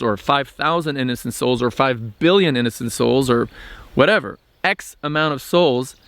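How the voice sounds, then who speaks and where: A man hosting a spiritual vlog, talking thoughtfully with frequent pauses and restarts. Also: mid-range voice, fairly bright tone. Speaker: channel host. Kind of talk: reflective spiritual vlog monologue.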